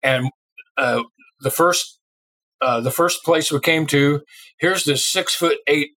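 A man's voice: on the high side, slow, rough recording. Man from Illinois telling a story. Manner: lively storyteller who acts out quoted voices. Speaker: interview guest, drummer. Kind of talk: casual anecdote telling.

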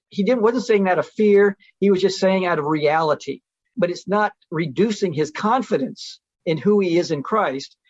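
Guest speaker: earnest middle-aged man, slightly high voice, on a dull, dry-sounding line. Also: dry recording. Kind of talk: relaxed storytelling conversation.

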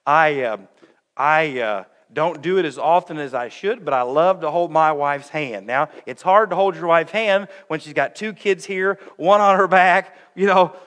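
A man's voice: high voice, fairly bright tone, big-room sound. A young man preaching a sermon as pastor, earnest and intent, breaking into joking asides about his family. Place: church sanctuary.

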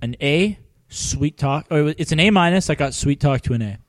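A man's voice: on the high side, animated, normal speed, no echo. A young man from Canada, co-hosting a podcast in casual chat, rambling and joking and correcting himself as he goes. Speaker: podcast co-host.

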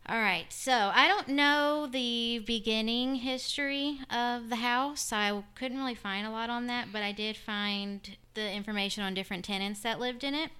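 Middle-aged woman hosting a chatty podcast. Her voice is bright and smooth, and she wanders off topic. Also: on the high side, moderate pace, few pauses. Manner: rambling, drifts off topic. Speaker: podcast host. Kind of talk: casual podcast chat.

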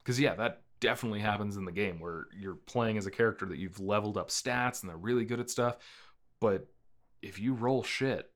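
Low-voiced man chatting casually. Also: a little fast. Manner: relaxed, rambling, many fillers, laughs easily. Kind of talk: casual movie review chat.

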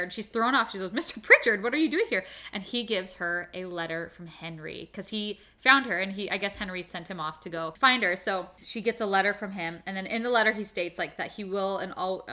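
A woman's voice: mid-range voice, sharp tone. Gushing young woman retelling a novel. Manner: gushing, emotional, quick, with filler "like". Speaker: book club podcast host. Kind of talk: casual chat retelling a novel.

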